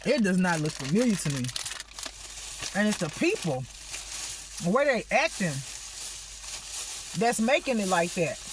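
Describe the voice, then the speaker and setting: A woman's voice: medium pitch, very animated, unhurried, pauses often, noisy background. A woman venting in an unscripted monologue, rambling and agitated, swearing often and breaking into exasperated, pleading outbursts. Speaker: spiritual vlogger.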